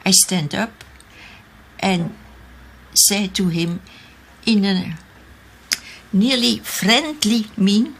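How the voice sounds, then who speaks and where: Slow, halting older woman. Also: mid-range voice, vocal fry, slightly rough. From Austria. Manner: halting, searching for English words. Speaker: interviewee, eyewitness. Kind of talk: recalled testimony in an archive interview.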